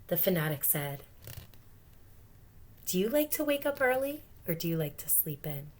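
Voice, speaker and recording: A woman teacher reading a picture book aloud to children, gently pausing to explain words and ask questions. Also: fairly low pitch, big pitch swings.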